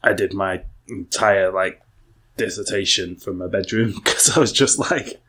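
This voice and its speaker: Young guy, lowish voice, rambly podcast chat with loads of likes. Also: measured pace, a bit bright, husky. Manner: rambling, full of "like" and restarts. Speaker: podcast co-host. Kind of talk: casual chat.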